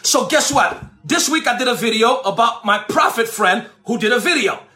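A man preaching a sermon, emphatic and animated, swinging between shouted lines and slow, drawn-out low phrases, repeating lines for effect. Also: faint music behind.

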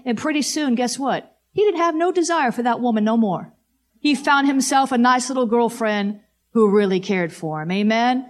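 A woman preacher delivers a sermon with a somewhat high voice. She punctuates points with exclamations of praise and repeats lines for emphasis. When reading scripture she slows down and presses each phrase.

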